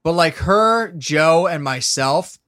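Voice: medium pitch, expressive, takes it slowly, a bit bright. A podcast host in casual chat, rambling, joking and swearing freely. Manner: rambling, profane, jokey.

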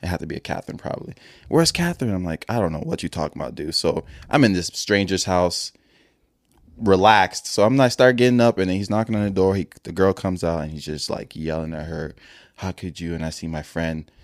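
Deep-voiced man telling a story. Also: fairly even intonation, fairly quick, no echo, studio quality. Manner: laughs often while telling stories. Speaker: podcast co-host. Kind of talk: casual chat, storytelling.

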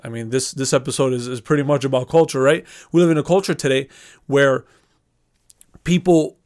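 A man co-hosting a casual podcast discussion, retelling a conversation in a relaxed way with frequent fillers. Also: mid-range voice, fairly quick. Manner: relaxed storytelling with fillers, easy affirmations. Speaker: podcast co-host.

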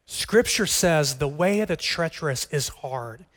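A middle-aged male pastor preaching in a church hall, his fairly high voice carrying a long reverb tail. He talks conversationally and earnestly, drifting from soft, intimate asides to emphatic, pressing questions. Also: lively intonation, a little slow. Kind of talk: sermon.

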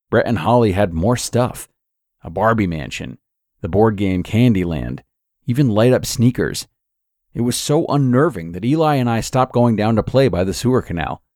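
A man narrating a scripted horror story in a measured, steady way. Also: fairly low pitch, dry recording, clean studio sound.

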